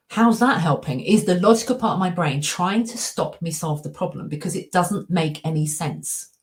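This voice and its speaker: This is a middle-aged woman whose voice sits on the low side, a little mellow, at normal speed. She's an anxiety coach and speaker giving a slide-based coaching presentation, acting out her inner dialogue as she tells a story.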